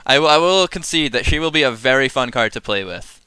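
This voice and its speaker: Chatty male streamer, bright crisp voice, dry close mic, sarcastic and prone to mock rants. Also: medium pitch, lively intonation, brisk, dry recording. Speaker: streamer reviewing card game sets. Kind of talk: casual live-stream commentary.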